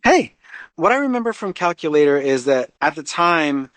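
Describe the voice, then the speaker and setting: Halting man rambling in a voice note. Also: fairly high pitch, sing-song, fairly bright tone, dry recording. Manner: rambling, halting, many ums and likes. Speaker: comedy writer and performer sending a voice note. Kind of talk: casual voice-note recollection.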